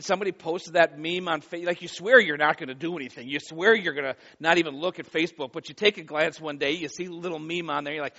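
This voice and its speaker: A man preaching a sermon, pleading loudly and then dropping to a hush, often repeating words as he goes. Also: on the high side. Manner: impassioned, swings from loud pleading to hushed. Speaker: pastor. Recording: dull lo-fi recording.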